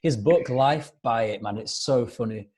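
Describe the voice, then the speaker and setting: A man's voice: medium pitch, moderate pace, noisy background. A man with an English accent, chatting as a guest musician on a video call, rambling and laid-back, cursing freely. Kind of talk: casual chat.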